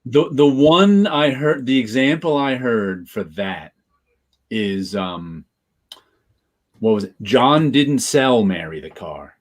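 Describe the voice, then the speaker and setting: A man's voice: mid-range voice, expressive, slow. A man co-hosting a podcast, chatting casually about comics in a rambling way, often repeating phrases to hear how they sound. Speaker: podcast co-host.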